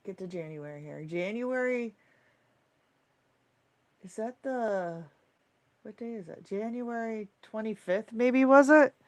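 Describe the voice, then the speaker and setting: A woman's voice: on the high side, expressive, slow, long pauses, dry recording. A woman hosting a casual livestream, effusively thanking viewers by name as she reads the chat. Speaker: livestream host.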